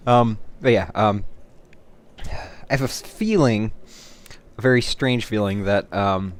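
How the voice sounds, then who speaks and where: A man giving live commentary on his own card game, thinking his moves through aloud and getting excited or laughing at his own mistakes at his home computer. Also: on the low side, slow pace. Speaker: gameplay commentator.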